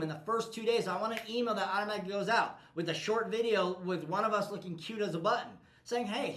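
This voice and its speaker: A man's voice: sits high, reverberant, low-quality recording. A man coaching his team in a blunt, profane motivational talk. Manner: forceful, profane, pushy.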